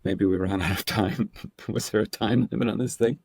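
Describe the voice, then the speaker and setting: Man, low voice, dry recording, chatty and playful, does little voice bits mid-sentence. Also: steady tone, normal speed, creaky, darkish tone, husky, no room sound. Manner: playful, demonstrates voices while explaining. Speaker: actor and impressionist guest. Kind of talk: casual podcast interview.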